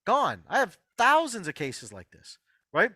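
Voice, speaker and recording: A high, bright-voiced man gives an emphatic motivational health lecture, swooping up and down in pitch as he repeats his key points. He talks straight to his online audience, and the sound is close and dry. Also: huge pitch swings, measured pace, slightly rough, no room sound. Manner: emphatic, repeats key phrases, addresses listeners directly. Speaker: host of an online healing workshop.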